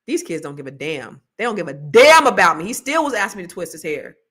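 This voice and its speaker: Woman podcast host, middle-aged, chatty and off-the-cuff, lower voice. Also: very animated, fast talker, a bit bright, breathy edge. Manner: chatty, rambling, laughs a lot, slangy. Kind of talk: casual chat with viewers.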